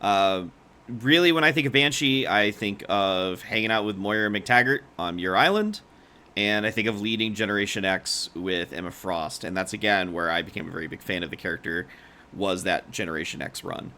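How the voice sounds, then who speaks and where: A man's voice: fairly low pitch, moderate pace, pushed and bright. A man co-hosting a podcast, leading a casual, swear-laced chat and steering the discussion. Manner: chatty, swears freely, leads the discussion. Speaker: podcast co-host. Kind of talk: casual comic-book ranking chat.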